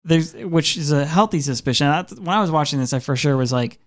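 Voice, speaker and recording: Halting man thinking aloud on a podcast. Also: on the high side. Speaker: podcast co-host. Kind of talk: casual discussion.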